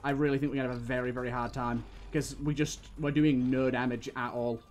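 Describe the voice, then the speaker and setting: A man's voice: mid-range voice, flat delivery, fast, a little mellow, soft background music. A young British man streaming a game, giving exasperated running commentary full of swearing. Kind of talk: live gameplay commentary.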